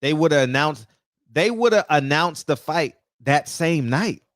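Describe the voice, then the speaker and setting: A man, ranting about boxing in a lively, preachy way. He talks straight to his viewers. The sound is dry and close. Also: fairly high pitch, measured pace, dry recording. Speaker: boxing commentator. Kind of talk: casual opinion rant.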